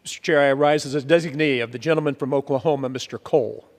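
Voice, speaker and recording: A man's voice: medium pitch, quick pace. A man, a congressman, giving a floor speech in a legislative chamber and stacking points in emphatic repeated lists. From Pennsylvania. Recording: long reverb of a large chamber.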